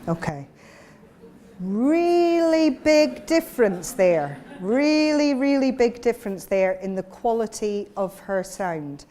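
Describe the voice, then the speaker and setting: A woman communications coach giving a workshop lecture, lively and demonstrative with her audience. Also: fairly high pitch, takes it slowly.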